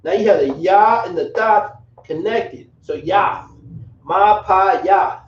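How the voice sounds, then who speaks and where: A man teaching a language lesson, spelling words out slowly with casual slang asides. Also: high-pitched. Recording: roomy, dull, from a distance.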